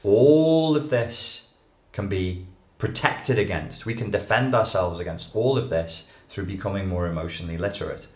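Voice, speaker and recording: A man giving an animated, emphatic lecture to an audience as a life coach. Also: sits low, normal speed. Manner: animated, emphatic, acts out quoted voices. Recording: echoey room.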